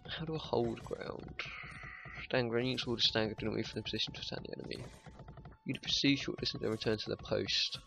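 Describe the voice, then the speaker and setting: A man's voice: medium pitch, fairly even intonation, a little fast, creaky, noisy background. A young man giving casual, sweary gameplay commentary, joking and muttering to himself. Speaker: gaming YouTuber.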